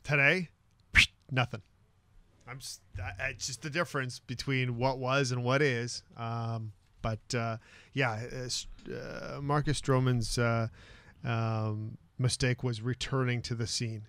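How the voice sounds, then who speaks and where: An opinionated man co-hosts a sports talk show, his voice at an ordinary pitch as he speaks firmly and emphatically. The studio sound is dry and close. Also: level tone, unhurried, a bit bright, no echo.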